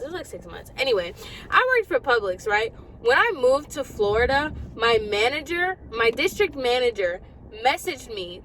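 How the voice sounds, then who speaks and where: Young woman ranting fast in a parked car. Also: fairly high pitch, slight background noise, low-quality recording. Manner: exasperated, ranting, rapid and animated. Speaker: vlogger. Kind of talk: casual rant to camera.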